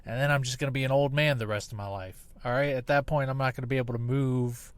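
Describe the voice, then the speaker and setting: A man in his thirties hosts his own podcast, swearing and rambling while still recovering from surgery. His voice is smooth and mid-pitched. He talks straight into a laptop mic that sounds hot, crisp and poppy. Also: fairly even intonation, fast, dry recording. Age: 30s. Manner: profane, rambling, self-deprecating. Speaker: podcast host. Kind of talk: casual solo podcast monologue. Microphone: laptop mic on a video call app, close and popping.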